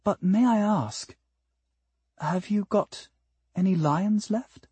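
A man's voice: high voice, slow, a little mellow, breathy edge, dry recording, voice pushed up, full character voice. A man voicing a humble, pointed alien woman. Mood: polite. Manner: humble, pointed, insistent questioning. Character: tall skeletal alien woman, elaborately self-abasing. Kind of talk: audiobook character voice.

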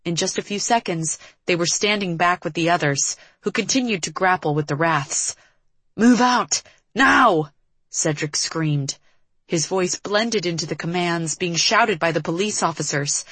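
A woman reading a tense action story aloud as an audiobook narrator, in a steady storytelling manner. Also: on the low side, moderate pace, husky, dry recording. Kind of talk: scripted narration.

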